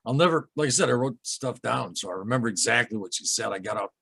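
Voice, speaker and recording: A man with a husky, mid-pitched voice recounts a strange personal encounter as a podcast guest. He speaks earnestly and haltingly, circling back and repeating himself. The sound is dry and close. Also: lively intonation, fairly bright tone, dry recording. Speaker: podcast guest, UFO experiencer. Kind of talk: emotional storytelling interview.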